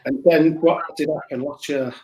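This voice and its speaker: A man's voice: a little high, steady tone, moderate pace, mellow. A man, a guest musician chatting in a rambling, self-mocking, hesitant way. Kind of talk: casual chat.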